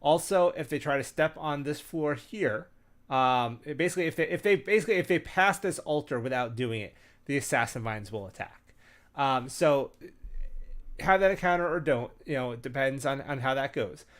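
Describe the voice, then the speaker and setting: A man with a medium-pitched voice talks at a normal speed into a computer mic while screen sharing. He hosts a casual tabletop gaming chat, offering game-master tips as an animated storyteller who rambles with plenty of fillers and restarts.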